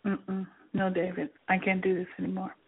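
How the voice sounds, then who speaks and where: A woman's voice: lowish voice, monotone, normal speed, creaky. Woman reading as a frightened, troubled man. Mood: anxious. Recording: tinny phone-like audio.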